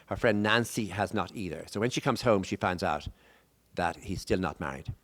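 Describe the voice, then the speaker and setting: A man's voice: low-pitched, moderate pace, a bit bright. A man with an Irish accent, an author speaking on stage at a live book event. He tells stories in a rambling way, with asides and restarts. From Ireland. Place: stage before a live audience.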